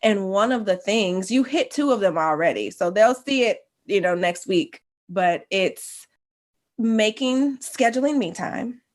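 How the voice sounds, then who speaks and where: A woman's voice: medium pitch, expressive, a little slow. A woman hosting a podcast, affirming her guest with playful slang in a casual interview chat. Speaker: podcast host.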